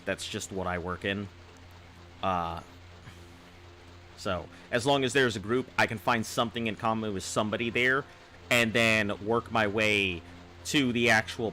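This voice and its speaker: A man's voice: fairly low pitch, pushed and bright, slight background noise. A man streaming a game and chatting casually, rambling and restarting his phrases as he gives advice and reads viewer comments aloud. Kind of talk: casual live-stream chat.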